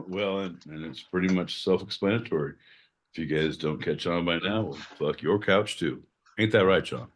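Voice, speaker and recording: Man, podcast co-host, low voice, jokey banter. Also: normal speed, a little hiss or hum. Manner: joking, hyped, laughs often. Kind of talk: casual comedy banter.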